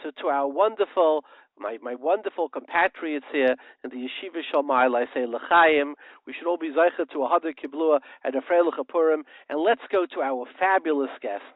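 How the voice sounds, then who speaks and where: A man's voice: a little high, normal speed, no room sound. A male radio show host giving an impassioned, preachy monologue, firing off rhetorical questions and telling parables. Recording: tinny phone-like line, dry.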